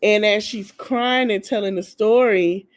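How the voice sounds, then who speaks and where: A woman's voice: mid-range voice, measured pace. A woman podcast host gossiping through a casual TV recap. She talks in loose, slangy chat and speaks straight to her listeners as if they were friends. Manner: chatty gossipy storytelling, slangy, addresses listeners as y'all; acts out the people she quotes.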